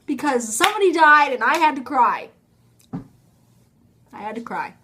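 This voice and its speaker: A young woman with a high voice talks into her phone camera at home. Her story rambles and is chatty and casual. She breaks off mid-sentence and laughs often. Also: lively intonation, moderate pace, pushed and bright. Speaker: vlogger.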